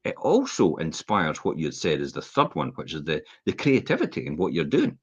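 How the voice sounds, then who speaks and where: A man coaches emphatically in a casual podcast, his low, husky voice swooping up and down as he makes each point. The recording is dry and a little dull. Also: wildly swooping pitch, brisk, dry recording. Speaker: co-host.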